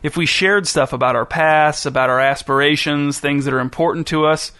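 A man's voice: a little high, fairly even intonation, a little fast, sharp tone. A man voicing an earnest, slightly hurt young woman on an awkward date, in a storybook reading. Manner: earnest, hurt, a bit defensive.

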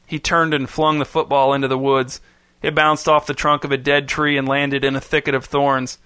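A man reading a story aloud in steady, even scripted narration. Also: medium pitch, normal speed, smooth, no room sound, clean studio sound.

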